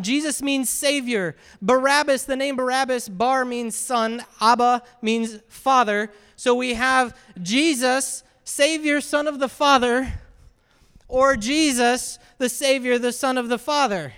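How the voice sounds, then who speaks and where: A man's voice: extremely high pitch, unhurried, fairly bright tone, clean tone. A man preaching a sermon as a pastor, talking conversationally and often asking the congregation "right?". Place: church sanctuary. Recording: reverberant hall.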